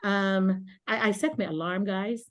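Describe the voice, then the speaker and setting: A woman's voice: mid-range voice, unhurried. A middle-aged woman from the Philippines hosting a casual video call as a teacher mentor, chatty and laughing often. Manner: chatty, laughs often, animated self-quoting.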